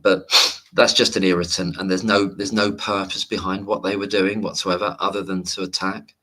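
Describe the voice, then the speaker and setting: Male streamer, very low voice, casual and digressive, reads out chat comments. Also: flat delivery, moderate pace, fairly bright tone. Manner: rambling and digressive, reads viewer comments aloud. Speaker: livestream host. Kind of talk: casual late-night livestream chat.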